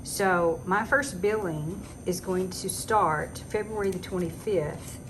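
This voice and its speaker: A woman's voice: fairly low pitch, slow. A woman in her sixties, a retired teacher, ranting casually at home in a talkative, exasperated way with sarcastic asides. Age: 60s. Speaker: vlogger. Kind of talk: casual rant. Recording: noticeable background noise.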